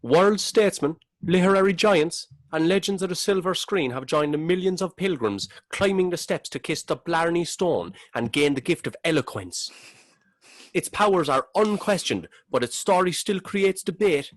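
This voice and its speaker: Guy doing a cocky cork lad with a big cork accent, sing-song and up high, dry close sound. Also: lively intonation, moderate pace, dry recording, close to an everyday voice. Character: boastful Cork man, rough and cheeky.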